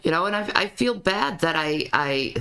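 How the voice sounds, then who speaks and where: Low voiced lady doing commentary, stammers a lot, repeats herself. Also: animated, moderate pace, gravelly, pushed and bright. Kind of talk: reaction commentary.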